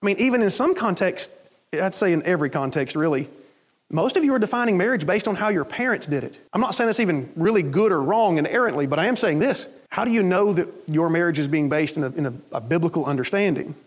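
A man preaching a sermon, telling stories in an animated way and acting out the voices of the people in them. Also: sits high, fast. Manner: animated storytelling with quoted voices. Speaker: pastor.

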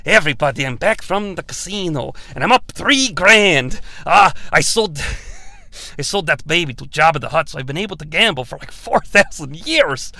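A bragging, ancient male thunder god, voiced by a man announces himself loudly and breezily, like a gambler on a winning streak. His voice sits high and bright, with a dry sound. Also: expressive, moderate pace, dry recording. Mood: boastful.

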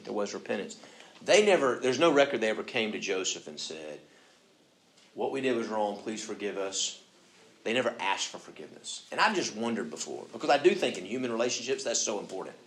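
Man preaching a conversational sermon. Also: on the low side. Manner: conversational, acts out quoted voices, swings from soft to loud. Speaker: pastor.

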